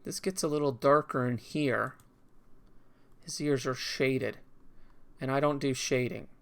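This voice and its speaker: A man's voice: mid-range voice, fairly even intonation, unhurried, gravelly, fairly bright tone, clean tone. A man streaming a video game in casual commentary, rambling and talking to himself as he goes. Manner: rambling, talks to himself while drawing.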